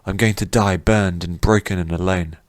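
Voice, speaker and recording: A man's voice: sits low, steady tone, normal speed, dry recording, lightly acted. A man voicing an anguished young male hero in a fantasy audiobook, his voice strained and pleading. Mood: despairing.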